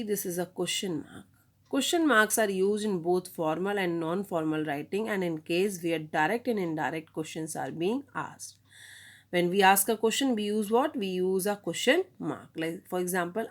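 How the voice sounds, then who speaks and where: Woman, grammar teacher, patient and repetitive, mid pitch. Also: animated. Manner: explains slowly, repeats examples, asks the class "okay?". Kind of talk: classroom grammar lesson.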